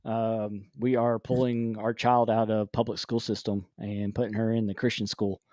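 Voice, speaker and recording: A man's voice: lowish voice, level tone, normal speed, darkish tone, no room sound, studio quality. A man hosting a casual live-stream chat, rambling with restarts and frequent laughs. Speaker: podcast host.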